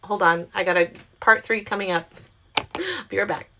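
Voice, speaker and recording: A young woman telling a casual storytime monologue, chatty and animated, swearing freely and acting out what people said. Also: moderate pace, background noise. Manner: chatty, animated, swears freely, quotes herself in pitched-up voices. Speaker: storyteller vlogger.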